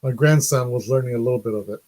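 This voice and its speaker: A man's voice: medium pitch, fast talker, darkish tone. Chatty middle-aged man streaming live. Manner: chatty, laughs often. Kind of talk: casual live stream chat.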